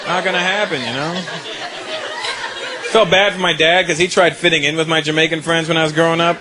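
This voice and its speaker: A man's voice: on the high side, fairly even intonation, brisk, background noise. A man doing stand-up comedy in a club, teasing the crowd in a conversational way. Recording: live club set, loud crowd laughter.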